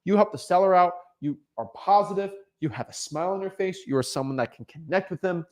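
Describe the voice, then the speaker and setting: A young man giving casual motivational advice as a real estate coach, animated, often repeating and restarting words. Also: sits high, quick pace. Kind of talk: casual motivational vlog talk.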